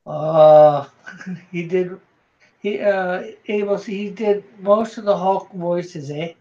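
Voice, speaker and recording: A man hosting a live drawing stream, reading viewer comments aloud in a halting way, with many fillers. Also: high-pitched, fairly even intonation, mellow. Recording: dull lo-fi stream audio.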